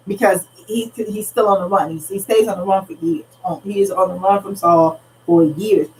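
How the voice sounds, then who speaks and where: A woman's voice: mid-range voice, moderate pace, few pauses, a little mellow. A woman pastor teaching a Bible study in an earnest, conversational way, retelling scripture in everyday speech. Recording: slightly distant mic, faint background noise.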